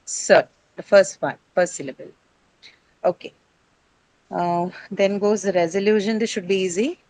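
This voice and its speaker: A woman's voice: mid-range voice, steady tone, measured pace, darkish tone, dry recording, poor audio. A woman teaching an English pronunciation lesson, patiently explaining and asking the class questions, often checking with "right?". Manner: patient, explanatory, asks questions then answers them, frequent "right?".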